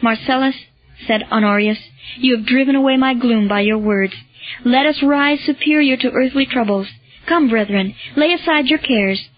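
A woman reading a historical novel aloud in a measured, even way, lightly voicing the dialogue. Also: high voice, dry recording, highs cut off, soft background music. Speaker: audiobook narrator. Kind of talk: scripted narration of a historical novel.

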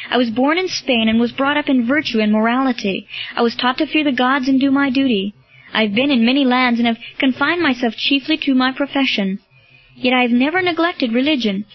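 A woman's voice: high voice, dry recording. A woman reading the part of an earnest young male Roman soldier, speaking in a pleading, searching way. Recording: dull lo-fi, dry.

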